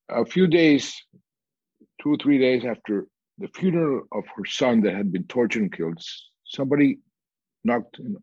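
A man telling a story in a measured, deliberate way, pausing often and restarting his phrases. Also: medium pitch, a little mellow, breathy edge, dry recording, highs cut off. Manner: measured, with frequent pauses and restarts. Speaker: guest speaker on peace and reconciliation.

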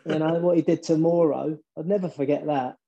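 A man, a former football manager, telling stories in an interview, animated and often repeating words as he builds up a point. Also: on the high side, a little fast, creaky, dull audio. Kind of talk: storytelling interview.

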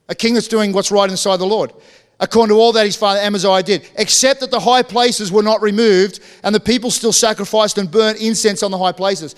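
Pastor guy preaching, chatty and jokey, lots of restarts, high voice, long church echo. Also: smooth. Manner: conversational, joking asides, frequent restarts. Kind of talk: sermon.

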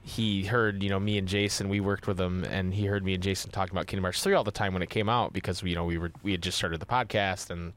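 A man's voice: low voice, fast talker, few pauses. A man in his thirties with a Midwestern accent, hosting a casual podcast chat and acting out quotes as he tells stories. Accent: Midwestern American. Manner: animated storyteller, acts out quotes. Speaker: podcast host.

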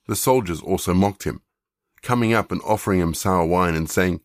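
A man leading a prayer and reading scripture aloud in a measured, reverent way. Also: low voice, dry recording, studio quality. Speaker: scripture reader.

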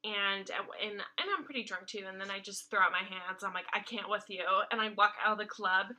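A woman's voice: mid-range voice, steady tone, fairly quick, sharp tone. A young woman co-hosting a podcast, telling a rambling casual story full of "like" fillers. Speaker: podcast co-host.

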